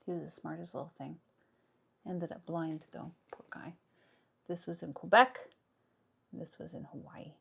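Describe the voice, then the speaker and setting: A housewife vlogs at home, indoors and in the yard, chatting casually while she cleans, in a rambling, self-mocking way recorded on a camera mic. Her voice sits low and is steady, gravelly, slightly rough yet fairly bright, with a moderate pace and long pauses.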